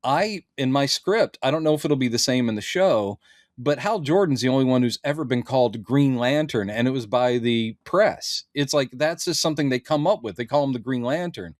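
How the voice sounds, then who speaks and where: A man's voice: mid-range voice, lively intonation, moderate pace, no echo. Middle-aged man, dry close podcast voice. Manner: rambling, hesitant with many fillers. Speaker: podcast host. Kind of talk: casual podcast chat.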